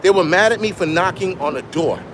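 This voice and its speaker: A man's voice: high voice, animated, a little fast. A man ranting as he walks home through city streets, blunt and profane, recording on a handheld phone with faint street noise behind him. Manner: blunt, swearing, heated. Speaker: firefighter vlogger. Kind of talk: profane walk-and-talk rant to live chat. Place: outdoors on city streets, walking.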